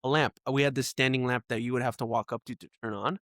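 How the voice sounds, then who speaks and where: A young man co-hosting a podcast in casual chat, an animated storyteller who curses a lot and breaks into loud acted outbursts. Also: medium pitch, fast, dry recording, clean studio sound. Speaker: podcast co-host.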